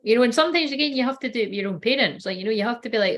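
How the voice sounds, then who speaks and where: A woman's voice: fairly high pitch, very fast, few pauses, a bit bright. A woman in her late thirties giving a casual live-stream card reading, rambling, swearing freely and breaking off mid-sentence. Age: late 30s. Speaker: oracle card reader.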